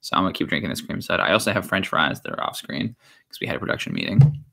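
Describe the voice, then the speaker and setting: Lively, bright-voiced young man hosting. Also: low voice, rapid-fire, creaky. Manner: animated, chatty, laughs often, reads chat comments aloud. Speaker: show creator and host. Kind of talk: casual livestream Q&A chat.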